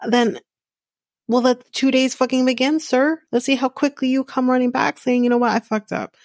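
A woman's voice: sits high, fairly even intonation, moderate pace, dry recording, studio quality. A woman hosting a podcast, recapping a reality show in a blunt, sarcastic, swear-heavy way and laughing often as she talks. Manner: laughs often while talking. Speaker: podcast host.

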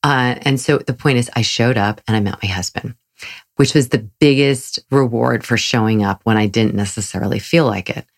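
A woman's voice: extremely low pitch, moderate pace. A woman giving a casual motivational talk, chatty and enthusiastic, telling personal stories with frequent laughs and fillers. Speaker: motivational speaker.

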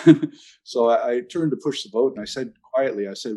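Older guy telling stories slow and dry, low dark husky voice. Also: animated. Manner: measured, anecdotal, dry humor. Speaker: interview guest, ocean activist. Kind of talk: storytelling interview answers.

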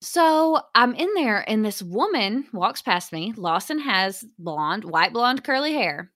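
Bright-voiced chatty young woman. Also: a little high, sing-song, unhurried, hardly any pauses, no room sound, clean studio sound. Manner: chatty storytelling, many fillers. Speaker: podcast co-host. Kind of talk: casual chat.

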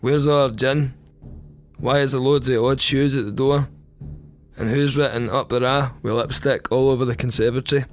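Young Scottish male storyteller, deadpan and crude, mid-range voice. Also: mid-range voice. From Scotland. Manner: wry, deadpan, crude humour. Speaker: podcast storyteller. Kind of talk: first-person comic storytelling.

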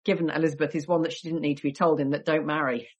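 Low-voiced woman with a cold, chatting. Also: steady tone, fast, slightly rough. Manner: chatty storytelling with wry asides. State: has a cold. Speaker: guest historian and author. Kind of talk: conversational podcast interview.

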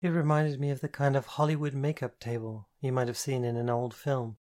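A man narrating a novel in the first person, with a measured, even storytelling delivery. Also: mid-range voice. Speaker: audiobook narrator.

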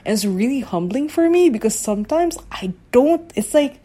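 A woman's voice: high voice, animated, normal speed, warm tone, husky. A woman hosting a casual solo podcast, musing aloud, searching for words and often checking whether the listener follows. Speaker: podcast host.

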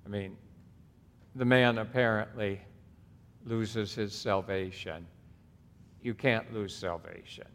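A man's voice: on the low side, fairly even intonation, takes it slowly, pauses often, a bit bright. A man preaching a sermon as pastor, reading scripture aloud and breaking off into emphatic asides. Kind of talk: expository sermon. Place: church sanctuary. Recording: long hall reverb.

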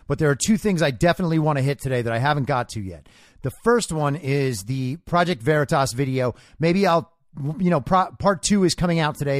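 A man's voice: a little high, dry recording, studio quality. A man hosting a political commentary podcast, lecturing in a combative way and often tagging lines with "okay?". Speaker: podcast host.

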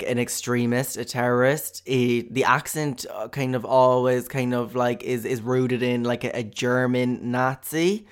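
A man's voice: mid-range voice, clear, resonant tone. A young man with a Cork Irish accent, riffing through a rambling, profane comic monologue as a podcast host. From Ireland. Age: young adult. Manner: rambling, profane, jokey, with lots of fillers. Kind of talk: comedic monologue.

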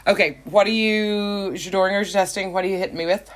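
A woman's voice: mid-range voice, fairly even intonation, fast talker. A young woman, co-hosting a casual chat, talking with lots of fillers and frequent laughs. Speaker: podcast co-host.

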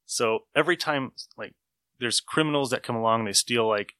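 Guy rambling on a podcast, laughs and swears a lot, bright voice. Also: mid-range voice, normal speed, clean tone, no echo, clean studio sound. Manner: loose, rambling storytelling with frequent laughs and swearing. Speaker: podcast host reviewing comics. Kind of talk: casual chat.

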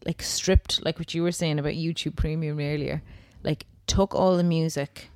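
A woman in her thirties with a rural Irish accent, co-hosting a podcast in a chatty, animated way. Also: low-pitched, moderate pace, dry recording. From Ireland. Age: 30s. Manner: chatty, animated, fond of "like" and "you know". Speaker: podcast co-host. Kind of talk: casual chat.

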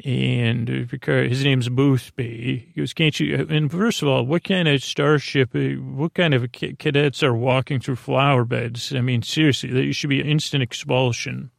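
Gravelly male podcast host, casual self-correcting recap, dry close sound. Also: mid-range voice, steady tone, normal speed, hardly any pauses, no echo. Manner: rambling, self-correcting, offhand.

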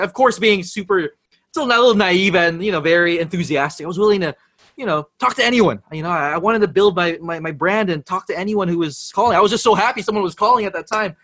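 A young man, a radio DJ telling stories in casual chat, animated and laughing often. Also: high voice, fast. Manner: animated storyteller, laughs often, mimics voices. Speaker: radio DJ and podcast guest.

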